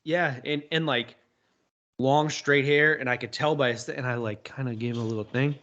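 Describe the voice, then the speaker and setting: A man's voice: medium pitch, fairly even intonation, normal speed, a bit bright. Casual male podcast guest, loose storyteller who swears a lot, slightly dull lo-fi sound. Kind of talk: casual chat.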